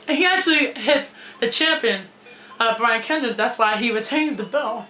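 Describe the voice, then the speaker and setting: Blunt, bright-voiced woman in echoey gym. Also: on the high side, expressive, normal speed. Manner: blunt and outspoken, swears freely. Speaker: wrestling reviewer. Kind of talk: casual opinionated review.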